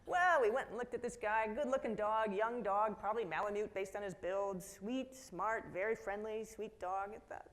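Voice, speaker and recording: A middle-aged woman giving a conference keynote talk in a lively storytelling manner, slipping into quoted voices and asides to the audience. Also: mid-range voice, moderate pace. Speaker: keynote speaker. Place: conference hall.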